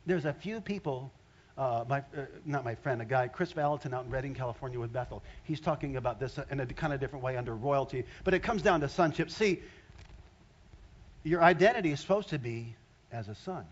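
A man's voice: mid-range voice, a little fast, muffled recording. An older man preaching a sermon in a conversational way, often rising into emphatic bursts. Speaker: pastor.

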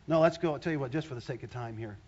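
A man's voice: medium pitch, very fast, a little mellow, dull audio. An older man preaching a sermon in a conversational way, often rising into emphatic bursts. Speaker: pastor.

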